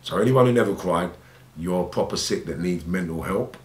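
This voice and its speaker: Speaking at a normal pace, an English man with a London accent describes his past as a gangster during an interview. The recording sounds roomy with a slight hiss or hum. He's blunt and sweary, slipping into high pleading voices to re-enact moments.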